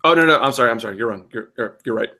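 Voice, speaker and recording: A man's voice: medium pitch, animated, rapid-fire, sharp tone. Young male co-host, comedic dramatic reader, exaggerated voices, exasperated. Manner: reads with exaggerated character voices and exasperated asides. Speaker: co-host reading fanfiction aloud.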